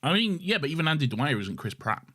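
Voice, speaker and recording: A man's voice: on the high side, very animated, fast talker, bright, forceful tone. A man co-hosting a casual film-review podcast, laid-back and dry, often laughing. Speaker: podcast co-host.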